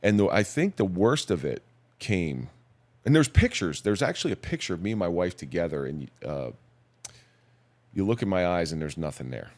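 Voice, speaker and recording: Brief: middle-aged man, very low voice, measured and somber storytelling, plain-spoken guest. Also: sing-song, darkish tone. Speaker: podcast guest, police officer. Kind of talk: personal storytelling in a podcast interview.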